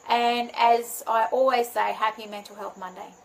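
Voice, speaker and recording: A woman's voice: a little high, little pitch movement, moderate pace, vocal fry, poor audio. A woman who works as a spiritual healing mentor, chatting live to her viewers in a bubbly way and often laughing at herself. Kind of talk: live video chat to viewers.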